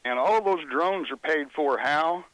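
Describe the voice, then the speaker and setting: A man from Oklahoma calling in to a radio show, plainspoken and steady. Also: fairly high pitch, unhurried, no echo. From Oklahoma, USA. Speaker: caller. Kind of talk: phone-in radio call. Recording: dull lo-fi phone line, dry.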